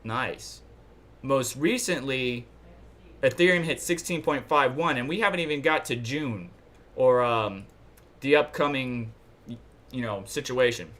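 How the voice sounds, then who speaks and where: Speaking a little slowly in a mid-range, fairly bright voice, a livestream host from New York wanders through his thoughts. He looks over charts and reads chat in a casual, rambling way.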